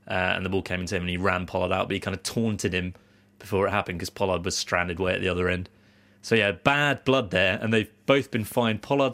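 This man's voice sits fairly low but carries a fairly bright tone. Co-hosting a podcast in casual conversation, he spins meandering, self-deprecating stories.

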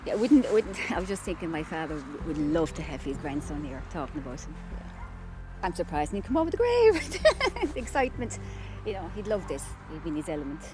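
A middle-aged woman telling family anecdotes in a casual, animated way, often breaking into laughter. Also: deep voice, fast, hardly any pauses, over music. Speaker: interviewee, daughter of the subject. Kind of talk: casual storytelling.

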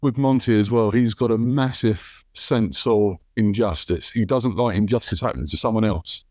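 Low-voiced podcast host. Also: male voice, moderate pace, darkish tone, dry recording, studio quality. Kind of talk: casual conversation.

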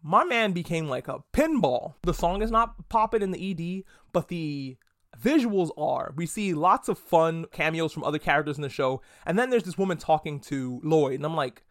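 Animated, profane young man reviewing anime. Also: on the high side, moderate pace, no room sound, clean studio sound. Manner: animated, profane, jokey, acts out quotes. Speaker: podcast host reviewing anime. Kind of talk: casual solo review monologue.

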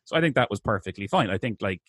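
A man's voice: fairly low pitch, expressive, fast, a bit bright, slightly rough, no room sound, studio quality. A man co-hosting a casual film podcast, talking in a rambling way full of restarts and hedges. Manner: rambling, hesitant, many restarts. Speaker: podcast co-host reviewing films. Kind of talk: casual chat.

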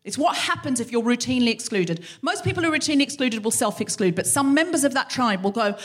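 A woman's voice: fairly high pitch, lively intonation, fast talker, hardly any pauses, a bit bright. A woman hosting a live comedy podcast on stage, talking straight to the crowd, swearing a lot and acting out both sides of a row herself. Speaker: podcast host. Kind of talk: live stand-up monologue. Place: concert hall in front of a live audience.

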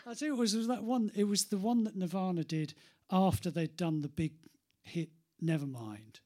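A man co-hosting a live podcast, joking around, laughing often and talking in halting, repetitive bursts. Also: high-pitched, mellow. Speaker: podcast co-host.

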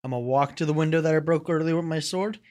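Male player, somewhat high voice, relaxed and chuckling. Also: fast. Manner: easygoing, laughs while rolling dice.

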